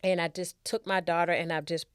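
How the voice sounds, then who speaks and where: As an interview guest, a woman with a lowish voice recounts her own story in conversation. Her delivery is flat and halting, full of restarts, and she repeats things emphatically to make her points. The recording is clean, dry, and close, with no room echo.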